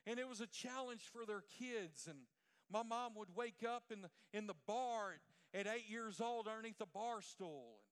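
A man's voice: sits high, moderate pace, smooth, long reverb tail. A middle-aged man preaching a sermon as pastor, asking the congregation questions and waiting for the answer. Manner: preaching with call-and-response questions.

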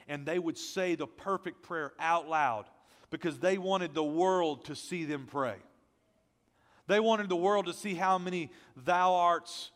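A male pastor delivering a lively sermon in an easy, conversational way, with jokes at his own expense. His voice sits higher than most men's and is not deep. It rings with the long reverb of a large hall. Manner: energetic, conversational preaching with self-deprecating asides.

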